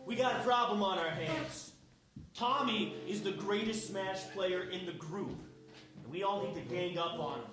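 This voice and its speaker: A man with a very high voice bosses the group around in an improv scene. He is heard from far away in a very echoey theatre with music behind him. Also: normal speed. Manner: bossy rallying. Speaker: improv performer. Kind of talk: live improv comedy.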